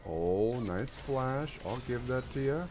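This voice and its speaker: Excitable young man streaming a game. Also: medium pitch, slow, noisy background. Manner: excitable, hype gamer slang, frequent laughs and exclamations. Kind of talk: gameplay commentary.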